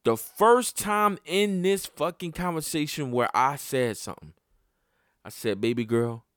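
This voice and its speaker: A man telling a personal story about his child in a blunt, profane, casual way. His voice climbs high and loud when he gets worked up. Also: a little slow, clean tone, no echo, clean studio sound.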